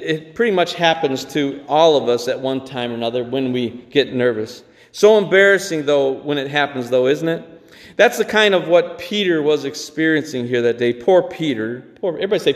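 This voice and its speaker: A man preaching a sermon to his congregation, earnest and warm, often repeating words as he goes. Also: fairly high pitch, moderate pace. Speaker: pastor. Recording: long hall reverb.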